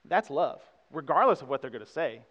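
Young male pastor, chatty sermon delivery with quick asides to the room; dull, reverberant church recording. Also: fairly high pitch, sing-song, a bit bright. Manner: conversational preaching with frequent "right?" asides. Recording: dull sound with long hall reverb.

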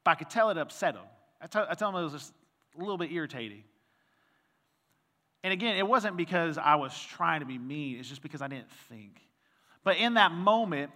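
Bright-voiced pastor preaching in a reverberant hall. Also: male voice, fairly high pitch. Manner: conversational, storytelling with quoted dialogue and scripture reading. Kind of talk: sermon.

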